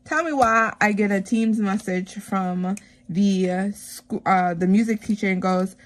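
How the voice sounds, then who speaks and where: A woman talks casually to her viewers while she counts bills into savings envelopes. She is a teacher, and she retells her week in a chatty, animated way. Her speech is full of "like" and "um" fillers. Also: mid-range voice, unhurried. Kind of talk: casual chat while stuffing cash envelopes.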